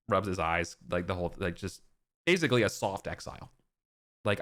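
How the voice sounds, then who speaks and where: A man's voice: low-pitched, expressive, a little fast, a bit bright. Laid-back man narrating a tabletop game. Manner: loose and rambling, heavy on fillers. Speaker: game master.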